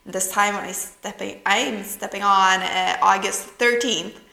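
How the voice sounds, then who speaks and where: A woman with a Swedish accent, a non-native English speaker, hosting her own podcast in a bubbly, excitable way with lots of fillers. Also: mid-range voice, a little slow, vocal fry, roomy sound, rough recording. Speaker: podcast host. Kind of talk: casual podcast talk.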